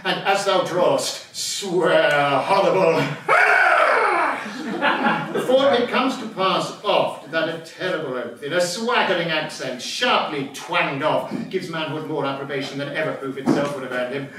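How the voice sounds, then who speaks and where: A man's voice: a little high, expressive, normal speed, hardly any pauses, noisy background, lightly acted. A man playing Sir Toby, a rowdy scheming knight. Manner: boisterous, laughing, theatrical stage delivery. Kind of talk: live stage acting. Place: large old timber barn. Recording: echoey barn, voice from far off.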